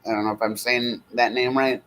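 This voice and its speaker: A man's voice: mid-range voice, little pitch movement, fairly bright tone, slight background noise, rough recording. A man in his thirties hosting a live stream, chatting casually and rambling at an easy pace. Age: 30s. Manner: rambling, easygoing, slow when reading names aloud. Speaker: streamer host.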